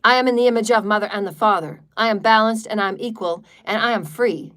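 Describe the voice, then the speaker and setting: A woman's voice: medium pitch, fast, fairly bright tone. Defiant woman leading a meditation. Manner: defiant, declarative, repetitive chant-like lines; swears freely. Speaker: spiritual meditation leader. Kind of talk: livestreamed guided meditation.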